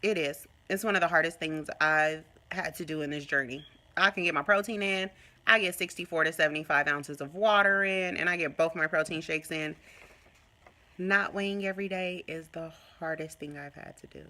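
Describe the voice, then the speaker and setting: A woman vlogging casually to her phone, telling a story in an animated way and acting out what people said. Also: low-pitched, moderate pace. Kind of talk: casual chat to camera.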